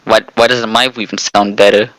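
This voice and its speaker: A man chatting casually with friends, cracking deadpan jokes. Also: on the low side, moderate pace, dry recording, low-quality recording. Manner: joking, deadpan quips. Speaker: friend on a group call. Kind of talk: casual chat.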